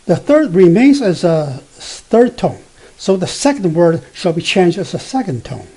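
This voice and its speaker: A man teaching beginner Mandarin from slides, explaining slowly and haltingly with many fillers, and reading example sentences tone by tone. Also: high voice, very animated, dark tone, husky. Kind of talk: slide-based language lesson.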